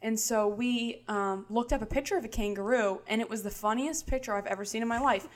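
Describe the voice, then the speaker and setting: A woman's voice: on the high side, fairly quick. A young woman co-hosting a podcast, telling a story in a joking, casual way. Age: young adult. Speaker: podcast co-host. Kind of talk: casual chat.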